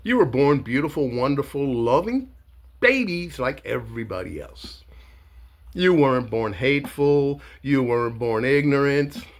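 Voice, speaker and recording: A man's voice: mid-range voice, expressive, unhurried. A man giving a rambling, sarcastic monologue to camera, with many hesitations and filler sounds. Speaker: commentator.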